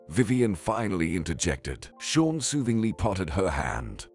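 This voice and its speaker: A man narrating a scripted family drama story in a calm, even way. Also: sits low, measured pace, hardly any pauses, husky, faint music behind.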